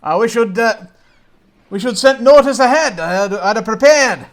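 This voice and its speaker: A man voicing a heavy older gentleman who greets old friends loudly and heartily. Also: very high-pitched, lively intonation, moderate pace, voice pushed up. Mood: hearty welcome. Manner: hearty and boisterous. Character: jovial heavy older male host, loud and booming.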